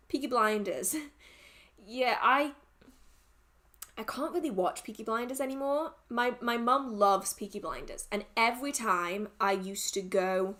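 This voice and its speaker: A woman's voice: fairly high pitch, a bit bright. A young woman hosting a livestream, chatting casually and rambling through viewer questions with restarts and laughter. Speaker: livestream host.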